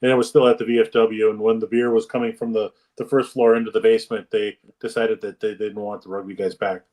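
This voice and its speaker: A man's voice: on the low side, level tone, quick pace, a little mellow. Rambling man, far from the mic. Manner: rambling, many restarts and fillers. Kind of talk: casual storytelling chat.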